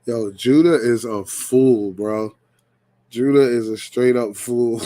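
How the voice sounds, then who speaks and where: A man's voice: mid-range voice, slow pace, dark tone, no echo. A man hosting a podcast, casually pointing out things in a clip for his listeners. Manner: laid-back, directs listeners to notice things. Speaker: podcast host. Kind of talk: casual reaction commentary.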